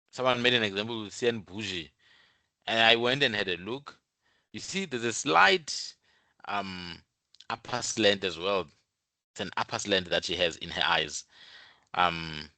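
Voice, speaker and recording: A man's voice: on the low side, vocal fry, pushed and bright, dry recording. A man who explains things step by step in an informal talk, repeating his points and using many fillers. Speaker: channel host.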